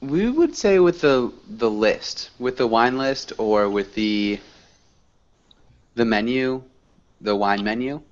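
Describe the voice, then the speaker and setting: A man teaching an English class, correcting students gently and praising them. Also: mid-range voice, animated, slow, muffled recording.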